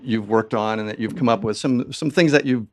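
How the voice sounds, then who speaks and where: A man hosts an interview in a friendly, halting manner. His voice sits at an average pitch. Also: slight background noise. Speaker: interview host. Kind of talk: casual interview.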